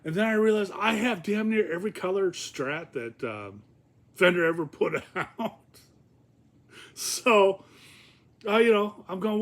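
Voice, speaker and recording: Man, casual vlog rambling, swears freely, fillers, slightly high voice. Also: expressive, moderate pace, long pauses, a bit bright. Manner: loose and profane, with many fillers and laughs. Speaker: vlogger.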